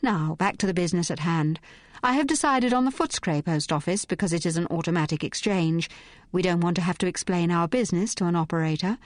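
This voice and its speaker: A woman reading as a crisp, fearless lady detective. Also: on the low side, a little fast, dry recording, studio quality, close to an everyday voice. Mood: brisk. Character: glamorous fearless young woman detective, sharp-witted.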